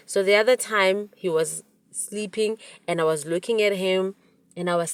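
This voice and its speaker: A woman in her forties hosting a podcast, telling a personal story in an animated way, with many restarts. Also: mid-range voice, moderate pace, clean tone, no echo. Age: 40s. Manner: animated retelling with quoted dialogue, frequent restarts. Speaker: podcast host. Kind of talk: storytelling monologue.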